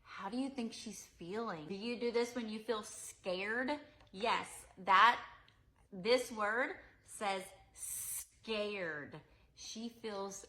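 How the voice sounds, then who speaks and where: Young female preschool teacher, bright tone, gentle sing-song delivery for toddlers. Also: mid-range voice, slow. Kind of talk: demonstration lesson for young children.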